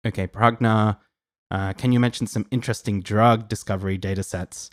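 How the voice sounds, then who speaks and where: A young man from Australia, speaking at a moderate pace in a low voice with fairly even intonation, hosts a laid-back live Q&A answering viewer questions. He's friendly and rambles, with many ums and restarts, and the studio recording is clean with no echo.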